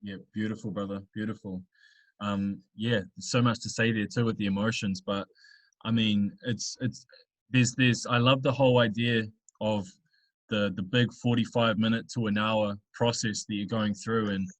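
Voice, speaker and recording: A man's voice: fairly low pitch, flat delivery, moderate pace, dry recording, low-quality recording. A man hosting a podcast, talking in a reflective, affirming way with frequent restarts. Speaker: podcast host. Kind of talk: casual podcast conversation.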